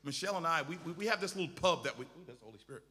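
A man's voice: on the high side, animated, racing, sharp tone, long reverb tail. A male pastor preaching a sermon with impassioned, repetitive exhortations.

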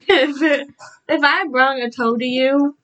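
Young woman co-host, high voice, unhurried, dry teasing banter. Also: fairly even intonation, fairly bright tone, muffled recording. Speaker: host's daughter. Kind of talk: casual chat.

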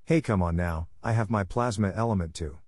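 A man's voice: low voice, brisk, darkish tone, dry recording, clean studio sound. A man voicing a determined young male hero who speaks earnestly. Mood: confident. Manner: earnest, strained by injury.

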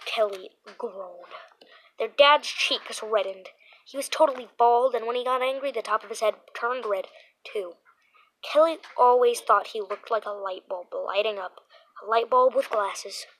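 A woman with a slightly high voice reads a children's story aloud. She stumbles now and then, restarting and repeating a word. A faint hiss of noise sits under the voice. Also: unhurried, a bit bright, poor audio. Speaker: narrator.

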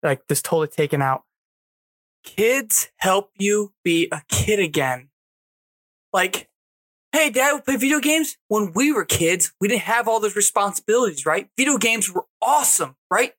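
A middle-aged man co-hosting a casual podcast chat, talking in an animated, preachy way and asking rhetorical questions. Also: high-pitched, slightly rough. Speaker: podcast co-host.

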